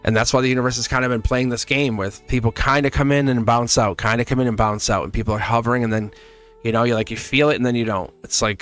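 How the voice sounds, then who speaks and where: A man's voice: medium pitch, steady tone, quick pace, fairly bright tone. A man giving a casual tarot reading to camera. He is chatty and reassuring, often asks "see?" and chuckles as he talks. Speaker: tarot reader.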